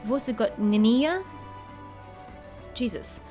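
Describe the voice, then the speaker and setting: A woman chatting casually while she plays, reacting out loud and swearing freely. Her voice sits in a middle pitch. Faint game music runs behind her. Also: moderate pace, pauses often. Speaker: gamer. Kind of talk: casual gaming commentary.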